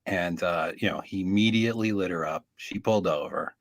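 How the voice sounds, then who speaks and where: A man's voice: low-pitched, brisk, no room sound. A man calling in to a talk show, telling a story casually and acting out the voices of the people in it. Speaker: caller.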